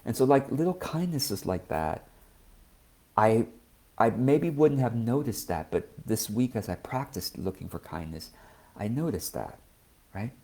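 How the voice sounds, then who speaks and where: A man giving a gentle, thoughtful talk as a spiritual teacher, often checking in with the listener. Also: mid-range voice, expressive, moderate pace. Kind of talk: reflective personal talk.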